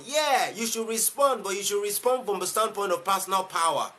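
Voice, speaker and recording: A man's voice: high-pitched, brisk, bright, forceful tone. A man with a Nigerian English accent gives a motivational talk on a live stream as a life coach, emphatic and fond of repeating his key phrases.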